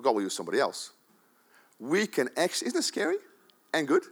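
A pastor from the Netherlands, preaching a sermon in a church, swinging between loud, emphatic urging and quiet asides. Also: male voice, mid-range voice, huge pitch swings, fast.

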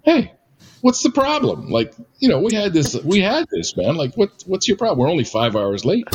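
A man's voice: high voice, huge pitch swings, normal speed, slight background noise, voice pushed up. A man voicing his carefree male arborist buddy, who talks in a breezy, upbeat way and shrugs off danger.

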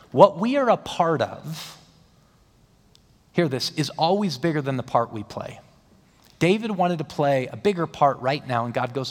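In a church hall with long, echoing reverb, a man preaches as pastor in a slightly high voice with lively intonation, never hurrying. He stresses his points more and more as he builds them phrase by phrase.

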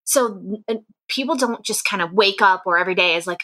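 Young female co-host, bright voice, lively and chatty, casual talk. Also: mid-range voice, fairly quick. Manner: animated, chatty, laughs often. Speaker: podcast co-host. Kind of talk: casual conversation.

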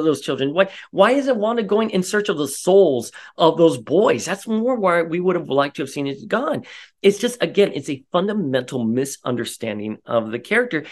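Opinionated male commentator, higher-pitched, heated rant style. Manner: animated, ranting, rises sharply when riled.

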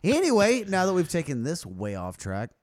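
A man's voice: a little high, wildly swooping pitch, moderate pace, darkish tone, dry recording, studio quality. A man co-hosting a podcast, telling crude jokes and swearing freely in casual chat. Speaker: podcast co-host.

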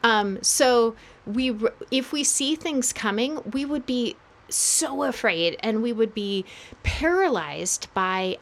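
A woman's voice: fairly high pitch, animated, slow. A young adult woman co-hosting a podcast, talking in a thoughtful casual way and often stopping to search for words. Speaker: podcast co-host. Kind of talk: casual chat.

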